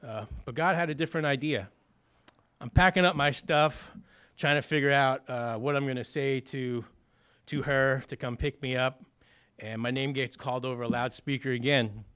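A man's voice: mid-range voice, fairly even intonation, moderate pace, a bit bright, clean tone. A man telling his personal recovery story in a conversational way, with many fillers and acted-out bits of dialogue. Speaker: speaker sharing a recovery story.

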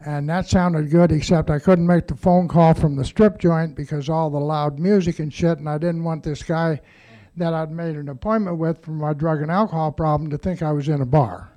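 A man's voice: fairly high pitch, steady tone, normal speed, mellow, dull audio. An older man telling his own recovery story to a group in a plain-spoken, wry and blunt way, with some swearing.

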